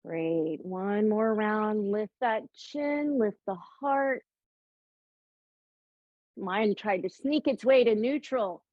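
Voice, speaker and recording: A woman's voice: mid-range voice, expressive, slow, no room sound. A woman guides a yoga class, cueing breath and poses with upbeat, playful asides. She talks while holding poses herself, and her voice sits in a middle range. The recording is dry and slightly muffled. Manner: upbeat and playful, with light jokes. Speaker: yoga instructor.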